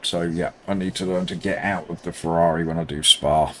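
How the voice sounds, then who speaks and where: Male sim racing streamer, lower voice, playful and jumpy banter, game engine noise under him. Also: brisk. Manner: excitable, self-mocking banter. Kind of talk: live gameplay commentary, chatting with viewers.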